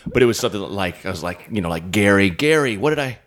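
A man with a lower voice tells a stage story loosely, circling back and restarting as he goes. When he quotes people, he puts on teasing voices in a relaxed podcast chat. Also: fast. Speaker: comedian guest.

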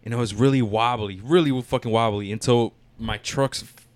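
A man's voice: mid-range voice, fairly even intonation, a little fast, no echo. Young male co-host, loose and profane, restarts a lot, casual podcast storytelling. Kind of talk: casual chat.

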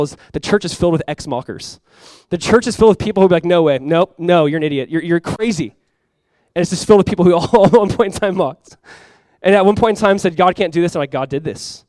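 A young pastor with a high-sitting voice preaches a sermon in a conversational, animated way, acting out quotes and laughing often. There's no room sound on the recording.

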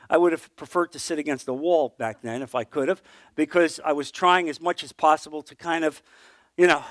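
A man's voice: no echo, studio quality. A middle-aged man teaching a Bible class, telling a personal testimony in an earnest, conversational way. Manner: earnest storytelling, voice dropping low and soft at emotional points.

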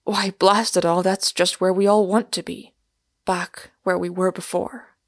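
A woman voices a towering, excitable young wanderer who talks with fervent, emphatic conviction. The voice sits a little low and gravelly, close and dry, as in a storybook reading. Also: unhurried, no echo. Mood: excited.

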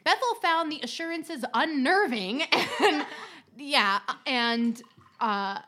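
A woman's voice: sits high, animated, takes it slowly, pushed and bright, slight background noise. A woman co-hosting a casual podcast, telling creepy stories with lots of laughter and swearing. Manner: giggly, swears freely, puts on voices in anecdotes. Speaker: podcast co-host.

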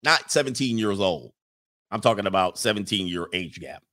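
A man, riffing in casual comedic commentary with animated, laughing, slangy storytelling. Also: on the low side, moderate pace. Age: 40s.

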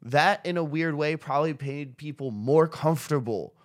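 A young man chatting on a podcast with friends, his voice smooth and resonant and recorded dry and close. He talks loosely and swears freely, often laughing and acting out what other people said. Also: on the high side, normal speed, no echo. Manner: loose and profane, laughs a lot, acts out quotes. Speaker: podcast co-host. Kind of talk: casual chat.

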